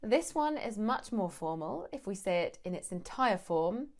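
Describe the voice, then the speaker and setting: A woman gives a scripted English lesson, explaining phrases clearly and acting out short examples. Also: mid-range voice, very animated, a little slow. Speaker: English teacher.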